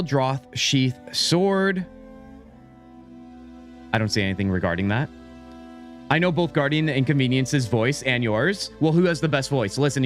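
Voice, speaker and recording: An American man talks his way through a game stream in a loose, rambling style, reading out menus as he goes. His voice swings up and down a lot. Game music sits faintly behind him. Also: mid-range voice. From United States. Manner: rambling, chatty, reads menus aloud. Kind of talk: casual gameplay commentary.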